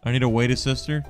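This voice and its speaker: A man streaming a game live, talking in casual banter, mostly drowsy and mumbling but breaking into loud excited outbursts, teasing his co-host. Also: medium pitch. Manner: playful teasing.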